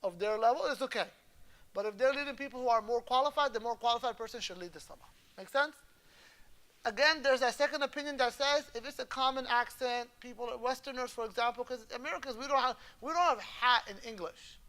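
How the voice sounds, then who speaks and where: A man's voice: very high voice, fairly quick, pushed and bright. A man teaching a class on Islamic law in a conversational lecture. He explains patiently, switches easily into Arabic terms and keeps asking whether the class is following. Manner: explains patiently, often checks the class understands; moves easily between English and Arabic terms.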